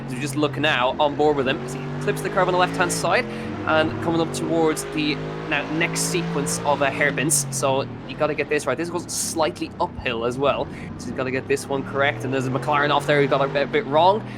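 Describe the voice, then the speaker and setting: An Irish man calls a sim race live in a slightly high voice, chatty and full of ums and restarts. Loud music plays under him throughout. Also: steady tone, fairly quick. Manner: chatty, fillers and self-corrections. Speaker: sim racing commentator.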